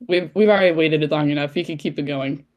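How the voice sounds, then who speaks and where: Excitable woman gushing on a podcast. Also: deep voice, quick pace. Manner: excitable, gushing, acts out her own reactions. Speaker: podcast co-host. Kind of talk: casual chat.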